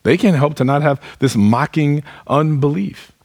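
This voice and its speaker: Husky-voiced man preaching a sermon. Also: fairly high pitch, moderate pace, darkish tone, no echo. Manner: earnest, asks the listeners direct questions; speaks to the congregation as "y'all". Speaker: pastor.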